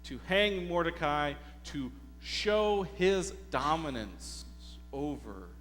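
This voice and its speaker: A male pastor preaching a sermon, telling the story slowly and deliberately and putting rhetorical questions to the congregation. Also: on the high side, expressive, a bit bright, faint music behind. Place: church sanctuary. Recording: hall reverb with faint mains hum.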